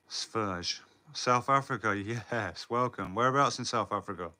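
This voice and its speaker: A man's voice: fairly low pitch, normal speed, bright, forceful tone. A man in his thirties from the south coast, chatting casually on a livestream, swearing freely and answering viewers' comments. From England. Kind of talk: casual live chat with viewers.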